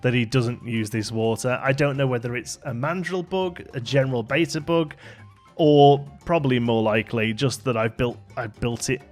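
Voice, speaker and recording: A man talks through his build in a relaxed, meandering way, full of ums and self-deprecating asides. He sounds a bit worn out and yawns now and then. His voice sits at an ordinary pitch, and soft music plays faintly underneath. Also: moderate pace. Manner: rambling, chatty, self-deprecating, many fillers. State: tired, yawning. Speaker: gaming YouTuber. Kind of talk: casual let's play commentary.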